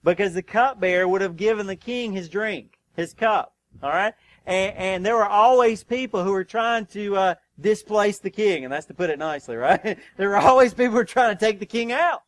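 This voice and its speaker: A pastor's sermon from a man with a high-pitched voice, delivered emphatically and full of questions aimed at the congregation. He surges into loud, urgent runs, then drops to a hushed, deliberate hush. The sound is close and dry. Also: no room sound, rough recording. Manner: emphatic, swings between urgent and hushed, calls for "Amen?". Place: church sanctuary.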